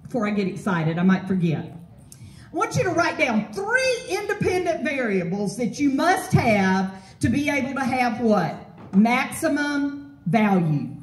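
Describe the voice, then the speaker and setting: A woman giving a motivational property management seminar, energetic, often posing fill-in-the-blank questions to the audience. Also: fairly high pitch. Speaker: property management trainer and speaker. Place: event hall with an audience. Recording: roomy hall, voice from far off.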